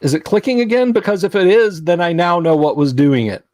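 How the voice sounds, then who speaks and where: A man's voice: high voice, a little fast, darkish tone, no echo. A man hosting a casual livestream, chatty, reading viewer names aloud and laughing easily. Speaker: livestream host.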